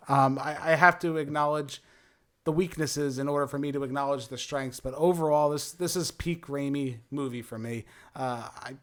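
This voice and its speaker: A man's voice: mid-range voice, fairly bright tone. A young man co-hosting a casual movie review chat, talking with enthusiasm and now and then slipping into a showy announcer tone. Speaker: movie review show co-host.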